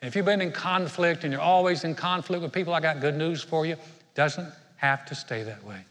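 A man's voice: a little high, a little fast, fairly bright tone. A middle-aged male pastor giving a sermon, talking conversationally and joking with the congregation. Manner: conversational, self-deprecating humor with the congregation. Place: church sanctuary. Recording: long hall reverb.

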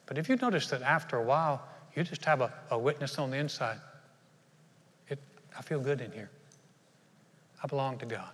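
Animated man preaching in a reverberant hall. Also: mid-range voice, a little fast, long pauses. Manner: animated, acts out short voices in his stories. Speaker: pastor. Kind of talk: sermon.

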